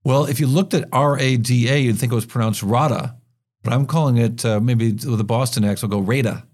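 A man of ordinary pitch hosts a business podcast and explains company news as if chatting with a co-host. He is conversational and stumbles into restarts as he thinks aloud. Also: fairly even intonation, darkish tone. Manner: conversational, quick asides, frequent restarts.

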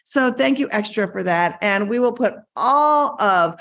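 Woman co-host, mid-pitched, frank and emphatic interviewer. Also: lively intonation, measured pace, a bit bright. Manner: frank, emphatic, swears casually. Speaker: podcast co-host. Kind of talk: casual podcast interview.

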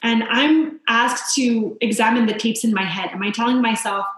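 A woman's voice: on the high side, normal speed, fairly bright tone. A woman from Poland, a guest on a podcast, telling personal stories in an earnest, reflective way. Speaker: guest, founder and coach for mothers. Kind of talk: heartfelt podcast interview. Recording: very echoey room.

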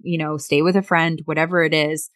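A middle-aged woman with a low-pitched voice talks briskly and earnestly about sobriety in a casual conversation, keeping a level tone. She often repeats words and acts out lines from family life. The studio sound is clean, with no room noise.

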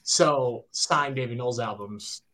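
A man in his thirties, a guitarist, telling a story in casual chat, animated and excitable, full of "like" and "right?". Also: medium pitch, a little slow.

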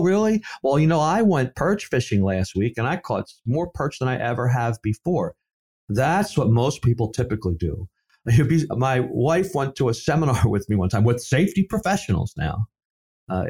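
A middle-aged man, a safety professional, telling stories in a conversational interview and acting out the dialogue he quotes. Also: medium pitch. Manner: animated storyteller, acts out quoted dialogue. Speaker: safety professional and seminar speaker.

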